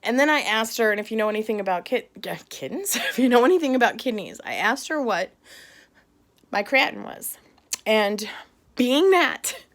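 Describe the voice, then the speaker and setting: Upset and tearful after crying, a middle-aged woman vlogs about her hard day, talking in bursts broken by nervous laughter. Her voice is fairly high, expressive, a bit bright, and moves at a normal speed.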